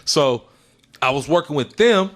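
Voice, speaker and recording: Laid-back slangy man, higher voice. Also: animated, a little slow, a bit bright. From San Francisco, California. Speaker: guest, mixtape host and former hype man. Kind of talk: casual podcast chat.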